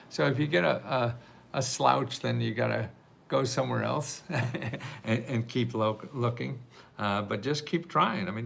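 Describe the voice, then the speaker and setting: A man's voice: medium pitch, gravelly, a bit bright, slight background noise. An older man hosting a live video stream, answering viewer questions in a chatty, rambling way and laughing often. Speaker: livestream host answering viewer questions about grants. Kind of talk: casual live Q&A.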